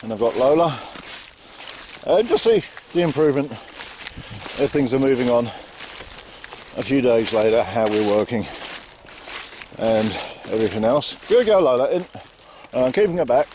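A man talking calmly while walking his dogs outdoors and explaining how he trains them. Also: mid-range voice, unhurried, long pauses, background noise. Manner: calm, repetitive, calls out to the dog. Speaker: dog trainer. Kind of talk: casual walking commentary. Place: outdoors in fields.

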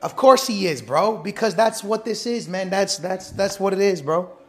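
A man's voice: high voice, normal speed, fairly bright tone, husky. A man reacting live to a football match, ranting and swearing at the referee on screen. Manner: ranting, profane, talks at the screen.

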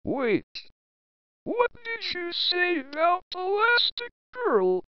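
A woman's voice: very high voice, sing-song, moderate pace. A woman voicing a cocky young male hedgehog hero who teases his friends. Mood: suspicious. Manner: teasing, laughs at friends. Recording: dull lo-fi home recording.

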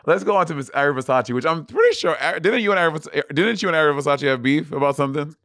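A man with an accent co-hosting a podcast, sassy and chatty, often trailing into quieter asides. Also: fairly high pitch, expressive, very fast, dry recording, clean studio sound. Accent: Caribbean-tinged accent. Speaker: podcast co-host. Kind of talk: casual banter.

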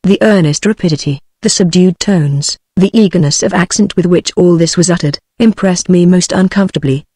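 A text-to-speech woman's voice with a British English accent, reading a gothic short story aloud in an even, measured way. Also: lowish voice, slightly rough, no room sound, studio quality. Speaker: audiobook narrator. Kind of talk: synthetic audiobook reading.

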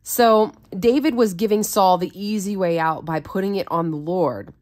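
A woman's voice: mid-range voice, normal speed, a little mellow. A woman who hosts a Bible study, reading scripture aloud and explaining it in an earnest, conversational way.

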